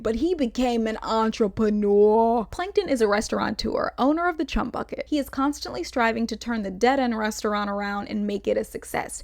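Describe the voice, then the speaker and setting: Young woman, comedic video-essay host, higher voice with vocal fry, sassy. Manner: animated, sassy asides between read-out passages. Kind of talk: comedic lecture commentary.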